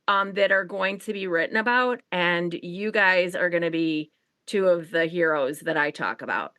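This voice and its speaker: A woman's voice: fairly low pitch, moderate pace, fairly bright tone, clean tone, no echo. A woman co-hosting a political podcast, talking in a chatty, rambling way full of fillers and restarts. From Chicago. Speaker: podcast co-host. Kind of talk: casual conversational interview.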